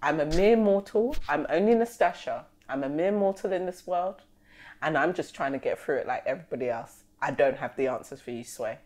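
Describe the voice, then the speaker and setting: A young woman, co-hosting a casual podcast chat, animated and slangy, acting out conversations. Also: low-pitched, brisk. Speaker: podcast co-host.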